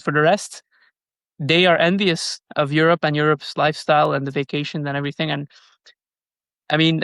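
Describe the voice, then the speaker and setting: A young man co-hosting a podcast, thinking out loud in a loose chat and tripping over repeated words. His voice sits somewhat high for a man. The sound is dry and close. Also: no room sound. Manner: musing, stumbles and repeats words. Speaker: podcast co-host. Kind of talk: casual chat.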